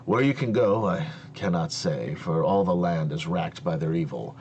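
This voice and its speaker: A man's voice: sits low, normal speed, darkish tone, lo-fi sound, slight background noise. A man voicing a proud, by-the-book male elf prince who speaks in a formal, solemn way.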